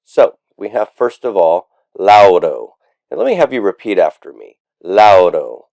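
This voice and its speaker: Deep-voiced man teaching Latin grammar. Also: sing-song, a little fast, gravelly, mellow, no room sound. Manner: patient, explains step by step with frequent fillers. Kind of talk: recorded lecture.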